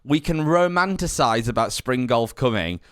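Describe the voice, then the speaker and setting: A man's voice: mid-range voice, expressive, moderate pace, fairly bright tone, clean tone, no echo, clean studio sound. A man co-hosting a golf podcast, chatting in easygoing banter. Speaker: podcast co-host. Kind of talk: casual chat.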